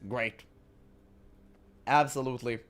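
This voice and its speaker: A man's voice: medium pitch, steady tone, slow, a bit bright. Man reading game lore aloud, joking. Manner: reads in-game books aloud with joking asides and laughs. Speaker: gaming commentator.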